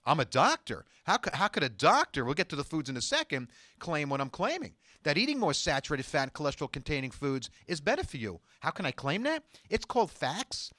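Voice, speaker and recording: A man's voice: on the high side, sing-song, quick pace, bright, forceful tone, no room sound, studio quality. Emphatic male doctor hosting a talk show. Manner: emphatic and insistent, reads viewer emails aloud. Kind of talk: studio talk show monologue.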